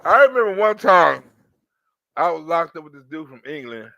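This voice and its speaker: A man hosting reaction commentary, telling stories in a profane, animated way. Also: on the high side, moderate pace, creaky, no echo, lo-fi sound. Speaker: commentary host.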